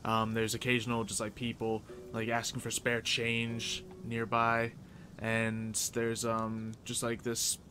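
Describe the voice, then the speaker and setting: A man's voice: medium pitch, sharp tone. A man narrating a tabletop game as game master, in a loose style full of fillers.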